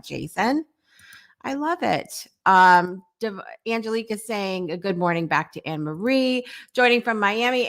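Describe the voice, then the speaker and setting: A woman's voice: lowish voice, sharp tone. A woman hosting a live morning talk show, chatting in an upbeat way and reading out viewer comments.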